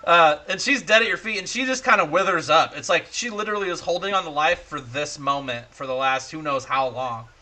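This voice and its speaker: A young man narrating a tabletop game as game master, in a casual, profane, animated way. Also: fairly high pitch, brisk, few pauses.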